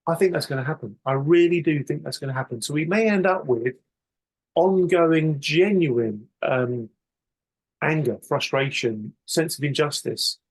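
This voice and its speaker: A man's voice: on the high side, a little slow, slightly rough. A man chairing a campaign meeting, talking emphatically and acting out indignant outbursts. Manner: animated, emphatic, acts out indignant rants. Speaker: meeting host.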